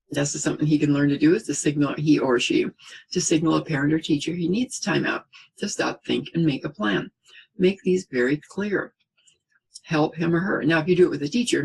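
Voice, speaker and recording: A middle-aged man giving a spoken parenting lesson in a calm, reassuring way, often checking in with "okay?" and acting out what a parent would say. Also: fairly high pitch, vocal fry, husky, poor audio. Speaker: parenting teacher.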